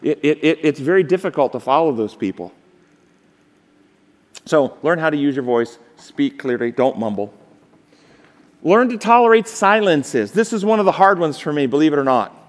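A man's voice: on the high side, sing-song, normal speed. Man lecturing in a reverberant hall. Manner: emphatic, asks the audience rhetorical questions. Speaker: seminar instructor. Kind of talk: live seminar lecture on public speaking. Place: large seminar hall.

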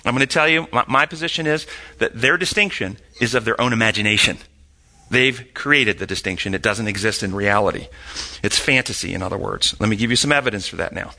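A man's voice: on the low side, a little fast, pushed and bright. A man teaching a sermon-style Bible lesson, reading quotes aloud and questioning his listeners, rising sharply when he argues.

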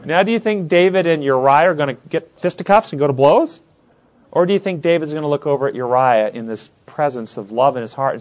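A man's voice: on the high side, brisk. A man teaching a Bible study class, asking many questions and acting out the scenes he describes. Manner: questioning, animated, acts out scenes.

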